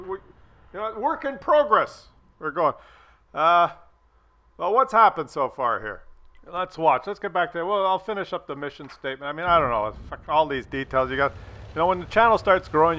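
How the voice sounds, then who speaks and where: A man commenting on gameplay, joking and teasing in a crude, casual way with plenty of fillers. His voice sits a little high and sounds bright and forceful. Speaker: gaming commentator. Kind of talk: comedy skit and gameplay commentary.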